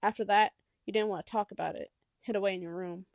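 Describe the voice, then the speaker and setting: A woman reading as a protective mother who refuses to show weakness. Her speech is measured and earnest, with a slight rasp of fry. The sound is close and dry, with no room around it. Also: medium pitch, fairly even intonation, dry recording, lightly acted. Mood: sorrowful. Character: worried mother, firm and protective.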